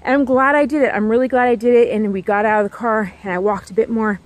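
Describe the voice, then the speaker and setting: A woman's voice: on the high side, fairly even intonation, fast talker. A woman vlogger in a casual, rambling chat, talking outdoors near her home and repeating herself with lots of "like"s.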